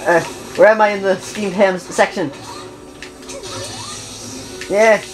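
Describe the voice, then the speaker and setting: A woman's voice: medium pitch, steady tone, takes it slowly, music in the background, poor audio. A woman hosting a gaming video, chatting casually and playfully, often interrupting herself. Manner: playful, rambling, self-interrupting. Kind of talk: casual gameplay commentary.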